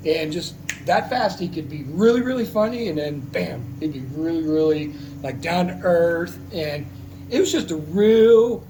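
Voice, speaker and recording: Man, veteran telling a story, casual and heartfelt, rambling with restarts, slightly high voice, faint ambient noise. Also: measured pace.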